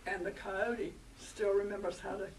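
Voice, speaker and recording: A woman telling a story aloud to a group of children in an animated, expressive way. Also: mid-range voice, moderate pace. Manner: animated, expressive, warm with listeners. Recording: distant mic, noisy room.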